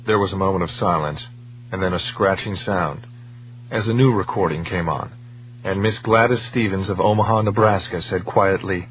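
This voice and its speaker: A man narrating a novel in a measured, steady storytelling voice, on a dull lo-fi recording with a faint hum. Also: low-pitched. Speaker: audiobook narrator. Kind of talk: scripted narration.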